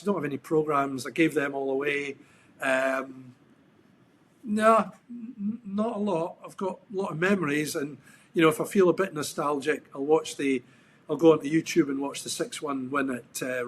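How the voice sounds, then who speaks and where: A middle-aged man with a Scottish accent, chatting as a guest on a podcast. His voice sits a little higher than most men's, and he wanders through his stories with plenty of ums and restarts. The mood throughout is relaxed and reflective. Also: slight background noise. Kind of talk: casual interview chat.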